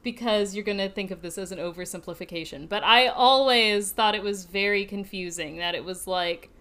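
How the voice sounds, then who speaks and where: A woman's voice: medium pitch, brisk, bright, forceful tone. A young woman co-hosting a podcast in casual chat, chatty and giggly, often laughing at herself. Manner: giggly, chatty, self-deprecating. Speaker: podcast co-host.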